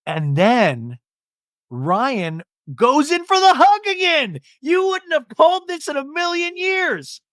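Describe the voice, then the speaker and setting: A young adult male podcast host with a very high voice takes it slowly as he gives a jokey, casual TV episode recap. He's animated and acts out quotes, captured in studio quality with no echo.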